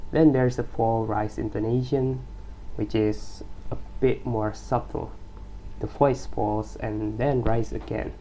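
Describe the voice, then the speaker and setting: A man's voice: lowish voice, gravelly, mellow, slight background noise, low-quality recording. A young man giving a class presentation, hesitant, with fillers and restarts. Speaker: student presenter.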